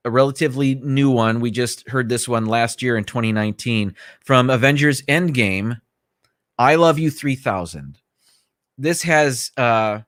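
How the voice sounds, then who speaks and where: A man's voice: medium pitch, a bit bright, no echo. Chatty male livestream host, dry sound. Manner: chatty, rambling, greets viewers by name; easygoing, self-correcting asides. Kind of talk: casual livestream chat. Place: small home studio.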